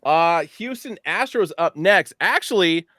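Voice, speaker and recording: A man's voice: high-pitched, lively intonation, a little slow, pushed and bright, dry recording, studio quality. A man hosting a casual product recap, upbeat and joking with his co-hosts. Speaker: show host presenting new hats.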